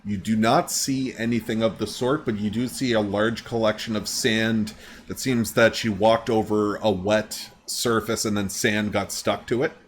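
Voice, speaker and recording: A man's voice: fairly low pitch, steady tone, moderate pace, a little hiss or hum. A man narrating as game master, casual and profane. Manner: casual, profane, laid-back.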